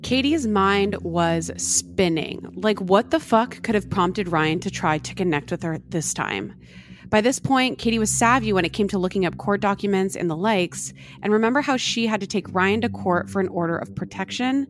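A woman's voice: medium pitch, expressive, normal speed, a little hiss or hum. A woman host narrating a true story in a casual, blunt tone with some swearing. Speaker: podcast host. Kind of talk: scripted narration.

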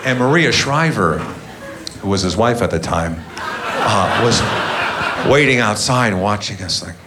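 A middle-aged man telling a stand-up story with a dry, deadpan delivery and bursts of mock defiance. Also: on the low side, measured pace. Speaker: stand-up comedian. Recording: live stand-up with loud crowd laughter. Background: loud audience laughter and noise.

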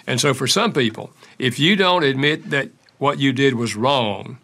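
A man's voice: medium pitch, moderate pace, fairly bright tone. An older man, an author and counselor, answering interview questions with anecdotes and acted-out quotes. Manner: acts out quoted dialogue in stories.

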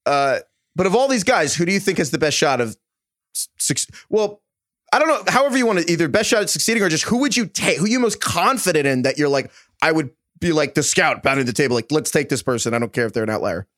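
A man's voice: on the high side, lively intonation, quick pace, a bit bright, no room sound, clean studio sound. A man hosting a casual sports podcast, asking long, rambling questions full of fillers. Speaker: podcast host. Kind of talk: casual chat.

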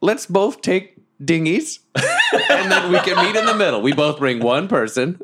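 A man's voice: high voice, wildly swooping pitch, unhurried, heavy background noise. Playful man playing a tabletop game. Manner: playful, laughing, rambling. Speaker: player.

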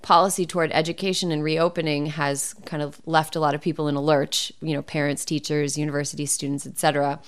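A woman hosting a casual podcast with a fairly low, smooth, clear voice. She talks frankly and loosely and swears in passing. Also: flat delivery, fast talker, few pauses. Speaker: podcast host.

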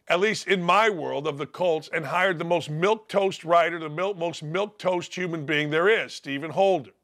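An older man hosting a sports radio show, ranting bluntly and mockingly, his voice gravelly from days of yelling. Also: a little high. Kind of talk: opinionated sports radio rant.

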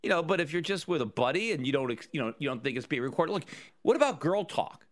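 Animated man ranting on his podcast. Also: fairly high pitch, fast. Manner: animated, argumentative, rhetorical questions. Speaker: podcast host. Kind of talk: opinion monologue.

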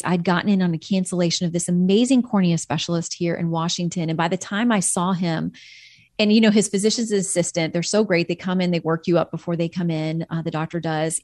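Earnest, reflective woman guest; lowish pitch, dry close sound. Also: darkish tone, no echo. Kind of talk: personal faith testimony in an interview.

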